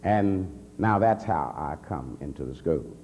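A man, an assistant pastor, telling his conversion story as a convention sermon, swinging from a low murmur to heated near-shouts. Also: animated, a little slow. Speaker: minister giving testimony. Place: large convention hall. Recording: reverberant hall with faint hum.

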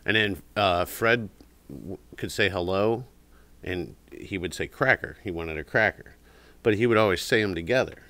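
Recorded with no echo, a man with a deep, pushed, bright voice speaks at normal speed. He's a podcast co-host chatting casually in a cigar shop, rambling through filler-heavy stories and imitating a parrot's squawk.

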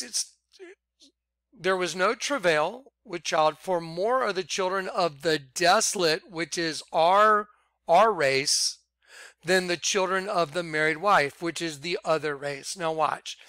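Man, informal scripture preacher, emphatic and insistent, bright clear voice, dry sound. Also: fairly high pitch, dry recording. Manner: emphatic, repeats "watch", drawn-out words for emphasis. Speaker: self-styled preacher. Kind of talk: reading scripture aloud with commentary.

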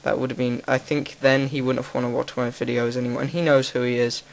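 A man's voice: mid-range voice, level tone, quick pace, creaky. A young man with an English accent, talking frankly and rambling as a gaming commentator. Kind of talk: casual gaming commentary monologue.

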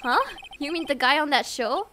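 A woman's voice: sits high, animated, normal speed, pushed and bright, slight background noise. A woman voicing a young male rookie lawyer in a dry, exasperated way. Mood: baffled.

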